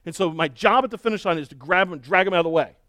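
A middle-aged man preaching a sermon and telling a story with lively, acted-out shouting and cheering. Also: high voice, rapid-fire, no echo, clean studio sound. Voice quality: balding. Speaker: pastor.

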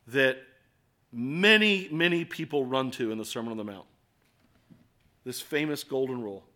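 A man's voice: mid-range voice, a bit bright. A man with an American accent preaching a sermon in an earnest, conversational way, full of rhetorical questions. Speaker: pastor.

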